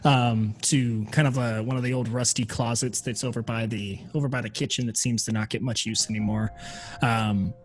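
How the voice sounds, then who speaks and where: A man narrating a tabletop game as game master, hesitant with many pauses and fillers. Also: mid-range voice, steady tone.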